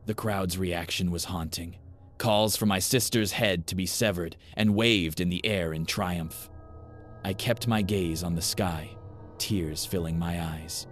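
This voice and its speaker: A man giving grave, measured first-person narration of a scripted horror story. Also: deep voice.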